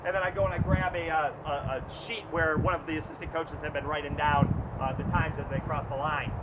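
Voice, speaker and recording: A man, a track coach, tells a story as a lecture, talking loud and fast. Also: on the high side, fairly even intonation, highs cut off, heavy background noise. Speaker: track coach giving a presentation.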